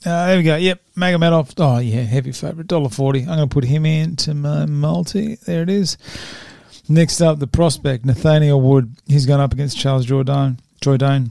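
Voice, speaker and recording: A young man chats casually as a podcast host, running through his betting picks. His voice is gravelly and mellow, a little higher than most men's, and the sound is dry and close. He rambles and stumbles over names, then laughs at himself. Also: fairly even intonation, a little fast, no room sound. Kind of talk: casual solo chat.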